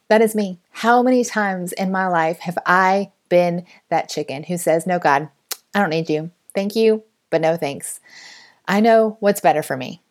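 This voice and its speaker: A woman in her thirties hosting a faith podcast, telling a story with animated, laughing delivery. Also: mid-range voice. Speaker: podcast host.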